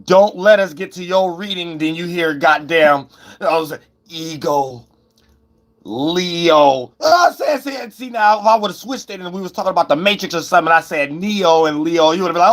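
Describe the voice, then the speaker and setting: Male tarot reader on a livestream, slightly high voice, rambling, profane, erratic. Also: normal speed. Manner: rambling, profane, with sudden shouts and wild swings.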